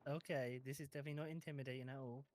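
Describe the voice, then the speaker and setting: A man's voice: mid-range voice, fairly even intonation, rapid-fire, a little mellow, no room sound. A man playing a police officer in a role-play, telling his account hesitantly with many fillers. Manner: hesitant, lots of ums. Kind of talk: casual role-play chat.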